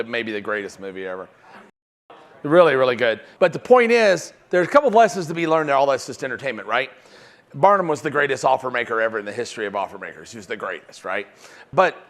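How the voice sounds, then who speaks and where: Guy running a sales seminar, fired up, keeps saying "right?", talks right to the crowd. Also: medium pitch. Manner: animated, keeps asking "right?". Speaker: sales trainer. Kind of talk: live seminar talk.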